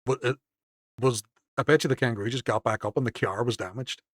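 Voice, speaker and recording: A man's voice: mid-range voice, brisk. A man live-streaming a game, swearing often, joking with chat and reading it aloud.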